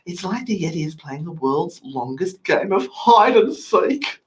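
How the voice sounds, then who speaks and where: A woman's voice: lowish voice, very animated, unhurried. A woman co-hosting a podcast, reading out a comedic lecture with jokes and frequent laughter. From Australia. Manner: jokey, laughing, self-interrupting. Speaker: podcast co-host. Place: studio.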